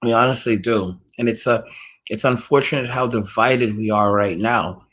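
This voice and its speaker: A man's voice: medium pitch, normal speed, fairly bright tone. A man hosting a casual livestream, answering his chat in a rambling way with many fillers and restarts. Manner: rambling, heavy use of "like" and restarts. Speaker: livestream host reading chat.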